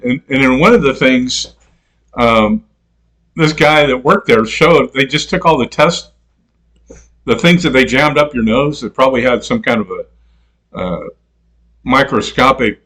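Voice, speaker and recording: A man's voice: medium pitch, pushed and bright. A man telling stories in a casual rant, rambling, swearing freely and laughing at his own jokes. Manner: mimics other people in quoted voices. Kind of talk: casual profane storytelling rant.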